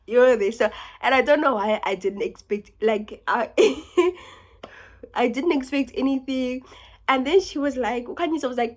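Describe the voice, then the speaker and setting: A young South African woman tells a story in a casual vlog, her voice pitched a little high. She talks fast and with lots of energy, dropping into whispers for asides. She sounds a little under the weather. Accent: South African English. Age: young adult. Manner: fast, animated, dips into whispers and laughs. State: sick. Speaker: YouTuber.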